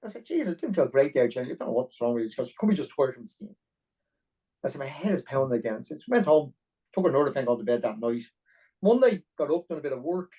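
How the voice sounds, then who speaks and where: Lively, fast-talking Irish man. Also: medium pitch, slightly rough, rough recording. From Ireland. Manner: animated, fast-paced anecdotal storytelling. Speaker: podcast guest. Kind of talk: storytelling interview.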